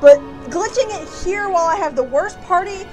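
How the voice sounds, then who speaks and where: A woman's voice: very high voice, animated, normal speed, rough recording. A woman streaming a video game, ranting angrily and swearing about a fight she keeps losing. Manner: angry profane ranting, loud outbursts. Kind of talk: live gameplay commentary. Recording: game music under the voice. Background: game music.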